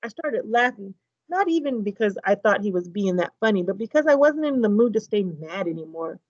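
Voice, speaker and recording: A woman teacher reading a children's novel aloud to her class, lively and voicing each character's dialogue. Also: mid-range voice, brisk, dry recording, lo-fi sound. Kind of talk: children's book read-aloud.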